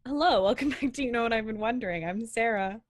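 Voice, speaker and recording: A woman's voice: a little high, fast, over loud music. A young American woman co-hosting a podcast in casual chat, laughing often as she talks. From United States. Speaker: podcast co-host.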